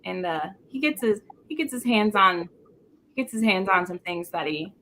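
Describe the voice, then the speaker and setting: This woman hosts a casual book discussion over a live stream. Her voice is bright and forceful, her talk animated and loose. A faint hum of room noise sits behind her. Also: mid-range voice, poor audio. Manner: animated, talks in quick runs with many "like"s. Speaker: book club host.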